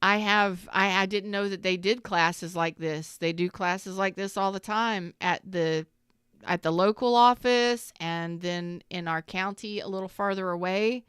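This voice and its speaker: A woman's voice: mid-range voice, unhurried, fairly bright tone, clear, resonant tone, no room sound, clean studio sound. A middle-aged woman, a tarot reader, talking casually and candidly to her viewers, swearing freely and rambling through asides.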